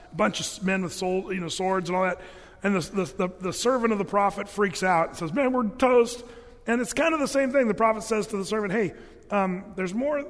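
A male pastor with a notably high voice gives a relaxed, humorous sermon. He keeps the talk light with playful asides while he explains scripture. His voice rings out with a long reverb, as if in a large hall. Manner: casual and joking, with playful asides and restarts.

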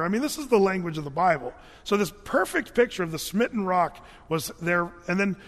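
A male pastor preaching a sermon in a lively, conversational storytelling manner. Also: sits high. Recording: echoey hall.

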